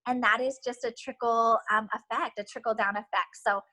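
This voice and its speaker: A woman's voice: on the high side, fairly even intonation, normal speed, pushed and bright, low-quality recording. A woman giving an earnest, emotional motivational pep talk to new team members over a video call, with many ums. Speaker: team leader giving a training.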